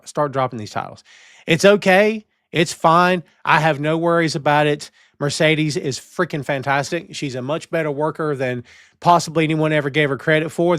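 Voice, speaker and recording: A man's voice: a little high, brisk, a bit bright, smooth, no echo, clean studio sound. A man hosting a live-streamed wrestling podcast, talking in a playful, theatrical way and greeting chat viewers. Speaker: podcast host.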